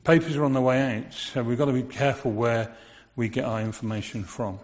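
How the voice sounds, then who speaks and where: A man's voice: medium pitch, steady tone, fairly quick. A man giving a sermon in a conversational way, asking his listeners rhetorical questions. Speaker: preacher. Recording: long reverb of a large hall.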